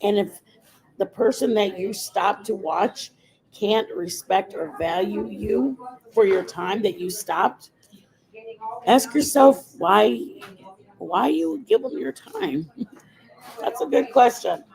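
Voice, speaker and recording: A woman's voice: mid-range voice, slow, gravelly, long pauses, darkish tone, low-quality recording. A woman hosting a casual makeup livestream, chatting in a rambling, opinionated way. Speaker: livestream host.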